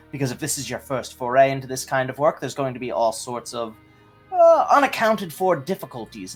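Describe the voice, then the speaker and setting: A man in a tabletop game, speaking in character in a measured, deliberate way. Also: mid-range voice. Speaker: player. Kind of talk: in-character role-play.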